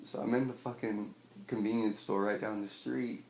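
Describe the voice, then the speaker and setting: A young man in his twenties, swearing a lot and telling a personal story with wry humor, acting out scenes loudly at times. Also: lowish voice, fairly even intonation, moderate pace, creaky. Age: 20s. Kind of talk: personal storytelling, stand-up style. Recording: echoey room with faint noise.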